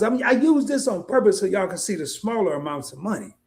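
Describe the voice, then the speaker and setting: Animated, slangy man hosting a livestream. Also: fast. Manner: animated, colloquial, addresses viewers as y'all; mimics worried investors in high voice. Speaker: investing livestream host. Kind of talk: casual livestream chat.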